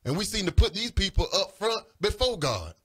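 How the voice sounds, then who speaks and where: Man, slightly high voice, emotional, pleading, repetitive, spiritual testimony. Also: big pitch swings, normal speed, husky. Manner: emotional, pleading, repeats himself. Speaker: caller giving a religious testimony. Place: radio studio or phone-in.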